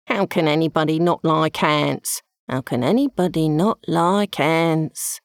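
A woman voicing a slow, ant-loving male anteater who drawls and mutters, in a storybook reading. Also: lowish voice, animated, no room sound, clean studio sound. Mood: drawling.

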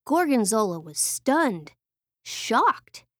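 A woman reading a children's picture book aloud in a playful, expressive way. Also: medium pitch, slow, dry recording, studio quality. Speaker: storyteller.

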